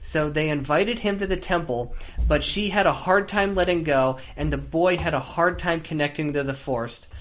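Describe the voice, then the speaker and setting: A man co-hosting a book podcast, easygoing and quick to laugh. His voice sits a touch high for a man. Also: a bit bright. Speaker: podcast co-host. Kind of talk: casual chat.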